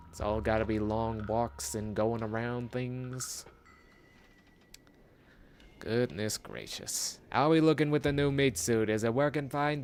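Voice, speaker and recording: A man casually commenting on his game as he plays. His voice is low and gravelly, and his pitch swings widely as he mutters. He talks at an unhurried pace, with a faint hiss of noise behind him. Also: animated. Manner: chatty, self-mocking muttering to himself. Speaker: game streamer.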